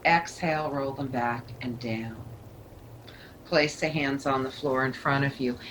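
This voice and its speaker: A woman leading a yoga class, giving calm, soothing cues. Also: a bass voice, a little slow, slight background noise, poor audio. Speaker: yoga teacher. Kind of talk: guided yoga instruction.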